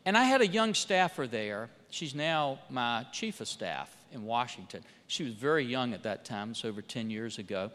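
Bright-voiced man speaking in a reverberant hall. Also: mid-range voice, animated, normal speed, hardly any pauses. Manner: storytelling with rising and falling emphasis, quoting others in dialogue. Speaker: congressman speaking at a church. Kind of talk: speech.

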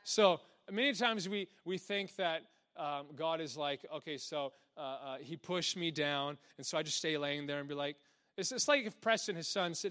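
A young male preacher with a slightly high voice gives an energetic, conversational sermon. He laughs often and acts out little quotes in a hushed, lower voice. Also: normal speed. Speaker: pastor.

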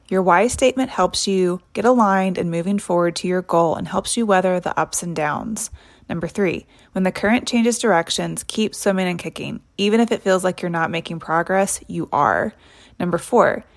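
A young woman from Tennessee hosting a podcast, telling a personal story in a casual, reflective way and saying "like" often. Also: lowish voice. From Tennessee, USA. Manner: casual, reflective, heavy use of "like". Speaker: podcast host.

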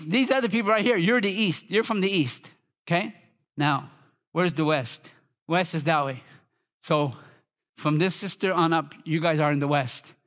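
A guest pastor from Minnesota preaching a lively, fervent sermon to a congregation, leading them in call and response and rising to shouts. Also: male voice, high voice. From Minnesota, USA.

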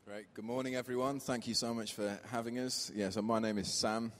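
A man's voice: medium pitch, steady tone, brisk. A man giving a conversational sermon in church, telling a family story and reading scripture aloud. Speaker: preacher. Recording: reverberant church hall.

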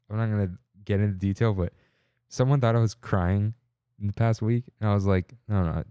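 Mellow-voiced young man telling stories. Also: lowish voice, normal speed, clear, resonant tone, no echo. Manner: rambling storyteller, animated quoting. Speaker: podcast co-host. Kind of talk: casual chat.

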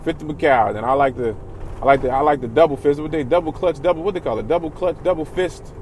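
A man's voice: fairly high pitch, quick pace, darkish tone, slight background noise. A man vlogging candidly about his feelings, rambling, swearing, and often restarting his sentences. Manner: rambling, profane, restarts a lot. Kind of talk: candid personal vlog.

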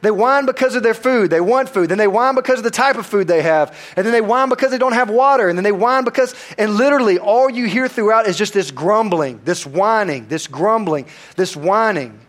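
A man's voice: sits high, animated, brisk, hardly any pauses, a bit bright. A man preaching a sermon, conversational and self-deprecating as he tells stories. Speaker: pastor.

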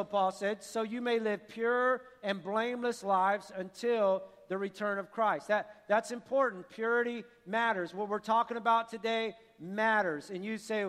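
A man preaching a sermon as pastor, earnest and repeating himself, building to forceful appeals. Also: high voice, steady tone, normal speed. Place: church sanctuary. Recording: long hall reverb.

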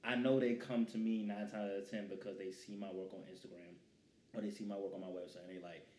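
A man's voice: lowish voice, flat delivery, fast talker, darkish tone, slight background noise. A man who is the guest filmmaker in an interview, answering in a laid-back, confident way. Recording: roomy echo.

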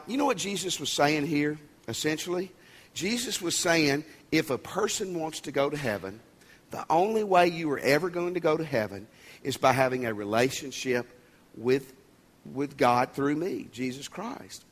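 A man's voice: on the high side, expressive, moderate pace, fairly bright tone. A male pastor giving a sermon, conversational and emphatic, with folksy asides and jokes.

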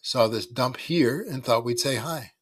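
A man voicing a cocky teenage boy bully who taunts the younger kids in a smug, drawn-out way. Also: mid-range voice, distant mic, pitched above the performer's own voice, natural voice. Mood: smug taunting.

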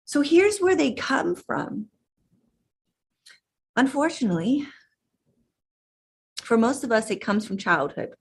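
A woman hypnotherapist in casual talk to her viewers, chatty and emphatic, pausing now and then to gather her thoughts. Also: high voice, big pitch swings, vocal fry, slightly rough. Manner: chatty and emphatic, addresses listeners directly. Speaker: channeling hypnotherapist.

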